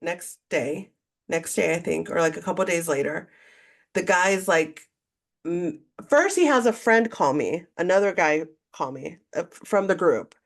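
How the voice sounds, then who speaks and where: A woman's voice: on the low side, unhurried, creaky. Woman telling a candid story. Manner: candid, animated storytelling, acts out quotes. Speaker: podcast co-host. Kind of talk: casual storytelling chat.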